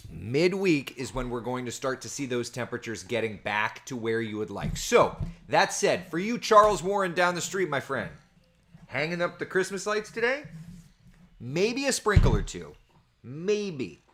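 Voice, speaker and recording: At home with his small children nearby, a weather forecaster runs a relaxed livestream, talking through the weather at a normal speed and going off on lots of tangents. His pitch rises and falls a great deal as he chats and rambles, reading viewer comments aloud. He uses his computer's built-in camera mic.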